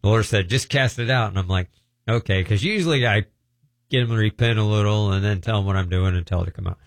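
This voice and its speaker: Brief: middle-aged man, low voice, dry close sound, loose rambling testimony. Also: fast, vocal fry, no echo. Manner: loose, meandering, breaks off mid-sentence. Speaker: deliverance minister.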